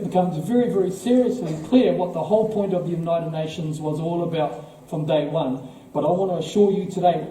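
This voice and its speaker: A man with a New Zealand accent addresses an audience, pressing his points with rhetorical questions and repeated words. His voice sits fairly high yet sounds very dark and mellow. It is recorded from a distance in a large hall with heavy echo. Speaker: political party speaker. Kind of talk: speech to a live audience. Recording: echoey hall, voice from far off.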